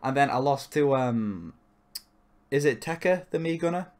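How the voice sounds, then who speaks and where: A man's voice: medium pitch, expressive, moderate pace, a little mellow. A man co-hosting a podcast in casual chat, rambling and cutting himself off, with frequent swearing. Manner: rambling, self-interrupting, swears. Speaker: podcast co-host.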